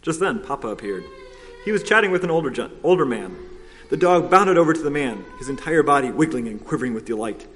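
A man narrating a children's story aloud, in a steady, expressive reading. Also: medium pitch, quick pace. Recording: long hall reverb.

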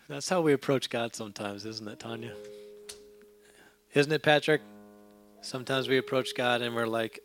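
A man preaching a sermon, telling a long joke story and addressing his congregation, sometimes rising to loud emphatic passages. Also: mid-range voice, moderate pace, long pauses, soft background music. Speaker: pastor. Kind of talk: sermon with an anecdote.

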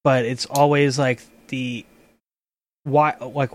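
A man's voice: medium pitch, flat delivery, takes it slowly, dry recording. A man in casual chat as a game master and host, rambling with frequent restarts and casual swearing.

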